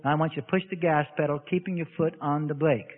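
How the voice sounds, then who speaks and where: A man's voice: on the high side, fairly even intonation, quick pace. A man preaching a sermon in a folksy way, illustrating his points with everyday stories, heard on a lo-fi radio broadcast in an echoey hall.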